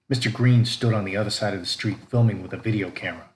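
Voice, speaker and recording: A man reading a dark story aloud as narrator, lifting his voice for the characters' lines. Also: fast talker, few pauses. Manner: reads all characters, lifting pitch and volume for quoted lines. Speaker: audiobook narrator. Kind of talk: scripted narration. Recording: echoey room with faint background noise.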